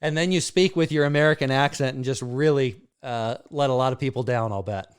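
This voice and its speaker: Smooth-voiced male interview host. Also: medium pitch, no echo, clean studio sound. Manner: measured, hesitant questions with many fillers. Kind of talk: conversational interview.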